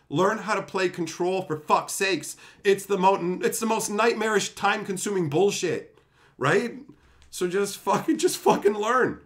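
A man launches into a heated, profanity-laced rant, his high, bright voice leaping across a wide range. He speaks bluntly and fiercely, like a stream host venting about running events. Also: animated, unhurried. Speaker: stream host and tournament organizer.

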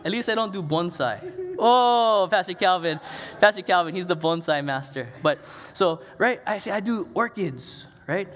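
A man's voice: high voice, expressive, normal speed, fairly bright tone, big-room sound. A middle-aged man preaching a sermon in a conversational, storytelling way with casual asides. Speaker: pastor. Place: church sanctuary.

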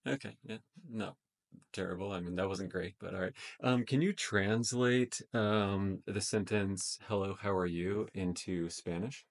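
A man's voice: sits low, a little slow, creaky. A man casually testing a voice assistant in a tech demo video, speaking loosely with frequent ums. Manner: casual, tentative, many fillers.

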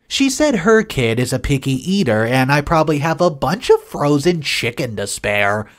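A narrator reading an online forum story aloud in a lively, swinging voice. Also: mid-range voice.

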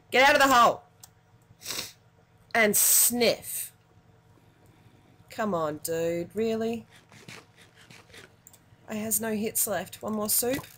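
An Australian woman commenting on her gameplay in a casual, excitable way, muttering to herself between sudden yelps. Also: medium pitch, slightly rough. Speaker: gaming channel host.

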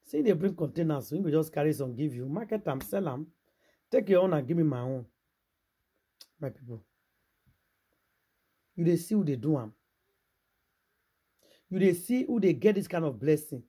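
A man with a Nigerian Pidgin English accent and a somewhat high, husky voice. He gives casual vlog commentary and preaches to his viewers. He asks them rhetorical questions and talks straight at them. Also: animated, moderate pace, pauses often, dark tone. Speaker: gossip vlogger.

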